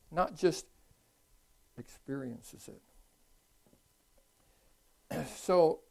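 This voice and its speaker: A man preaching a sermon who tells stories in a conversational way, moving from hushed asides to loud, animated bursts. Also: fairly high pitch, poor audio. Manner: conversational storytelling. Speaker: pastor.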